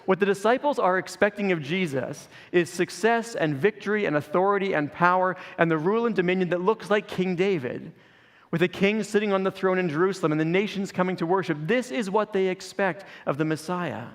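A man's voice: high-pitched, expressive, a little fast, long reverb tail. A man preaching a sermon as pastor, earnest and building through repeated phrases.

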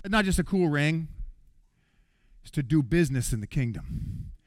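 A man preaching a sermon in an animated way, jumping between loud bursts and quiet asides. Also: a little high, normal speed, no echo, clean studio sound.

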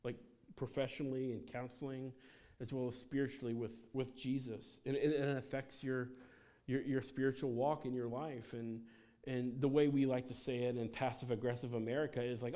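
A man in his thirties preaches in a loose, conversational way, dropping in fillers and starting sentences over as he goes. He shifts into animated asides and sounds like he is talking straight to the congregation in front of him. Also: medium pitch, moderate pace. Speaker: pastor. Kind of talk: sermon. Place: church sanctuary.

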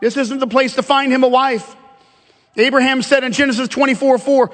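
Male pastor, high-pitched, lively humorous preaching style, recorded with hall reverb. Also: fairly quick. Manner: animated preaching with humor and emphatic repetition. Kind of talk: sermon.

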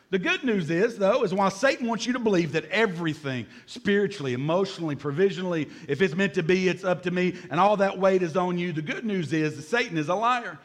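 A man in his fifties, a pastor preaching a sermon in a lively, joking way, acting out little scenes and calling for amens. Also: high voice. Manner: lively and joking, acts out voices, calls for amens from the congregation.

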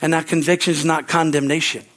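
A man's voice: a little high, level tone, fast, fairly bright tone. A man preaching as pastor, rambling and repeating words, often calling out amen. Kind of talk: sermon.

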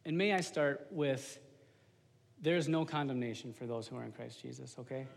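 A man in his thirties, a lay preacher giving an informal, animated sermon to a congregation. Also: mid-range voice, normal speed, vocal fry. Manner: casual, animated, slangy, talks to the congregation. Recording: long hall reverb.

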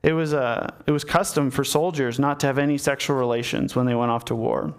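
A preacher moves briskly through his sermon in a medium-pitched, clean voice with fairly even intonation. He tells it like a story, talking to the listeners directly and acting out the characters.

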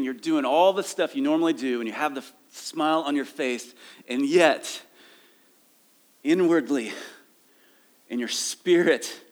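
A middle-aged man preaching a sermon in an easygoing, conversational tone. He drifts from careful scripture reading into casual asides and self-aware dad jokes, and his voice rises and falls with emotion. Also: mid-range voice. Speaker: pastor.

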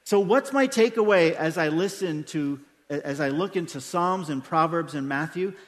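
A man's voice: on the high side, moderate pace. A man preaching a sermon to his congregation during a service, emphatic and full of rhetorical questions. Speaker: pastor. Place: church sanctuary during a service. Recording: long church-hall reverb.

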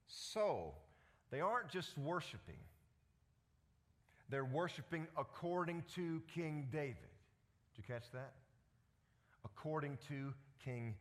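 A man preaching a sermon as pastor, animated and full of rhetorical questions. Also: medium pitch.

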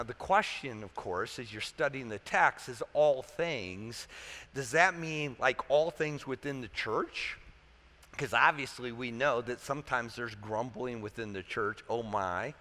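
A man's voice: mid-range voice, pushed and bright. A man preaching a sermon as a pastor, talking conversationally and asking the congregation rhetorical questions. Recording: echoey hall reverb.

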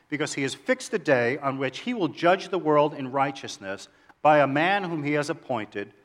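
A middle-aged man preaching a sermon in a church, animated, asking his listeners questions and joking with them. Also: on the high side. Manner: animated, asks the audience questions, jokes. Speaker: pastor.

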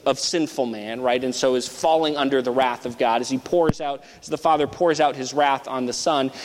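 A man's voice: a little high, a little hiss or hum. Man preaching in a reverberant hall. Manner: thoughtful, restarts often, explains step by step. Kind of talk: expository sermon.

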